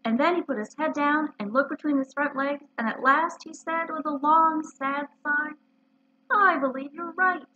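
A woman, a librarian, reading a children's story aloud in an expressive storytelling way, on a muffled lo-fi recording. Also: high voice, moderate pace, hardly any pauses.

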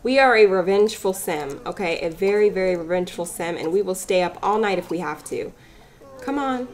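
A woman's voice: mid-range voice, fairly quick. A woman giving casual, playful commentary over a life-sim game. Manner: chatty, playful, voices the characters' chatter. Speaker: let's play gamer.

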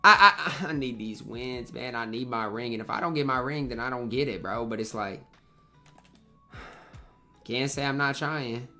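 A man's voice: medium pitch, measured pace, pushed and bright, faint music behind. A young man, commenting live on his own basketball video game match, slangy and frustrated, trash-talking his teammates and opponent. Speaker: gaming YouTuber.

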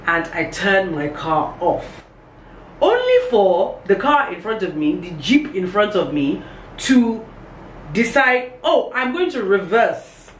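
Animated woman telling a story. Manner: animated, acts out quotes with big pitch jumps. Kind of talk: casual storytime monologue. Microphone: camera on a tripod. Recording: echoey room with faint background hum.

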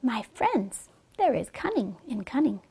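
A woman's voice: fairly high pitch, big pitch swings, a little slow, vocal fry, breathy edge, exaggerated voice. A woman reading as a sly storybook fox. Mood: coaxing. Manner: sly, persuasive, sometimes hushed. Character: sly cunning male fox, smooth talker.

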